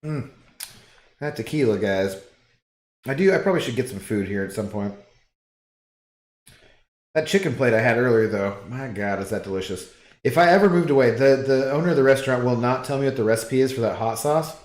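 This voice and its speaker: A relaxed man hosting a livestream from home, rambling casually with his viewers and answering chat messages as they come in. His voice sits in a middling register, and the room around him has a noticeably echoey sound. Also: medium pitch, a little fast, long pauses. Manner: rambling, relaxed, chatty asides. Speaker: livestream host reading chat.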